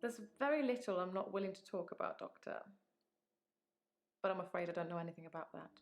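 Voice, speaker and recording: An actress voicing a calm, evasive woman patient answering a doctor's questions in a game. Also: on the low side, quick pace, natural voice. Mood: guarded. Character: guarded grieving woman patient under questioning. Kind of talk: game voice acting.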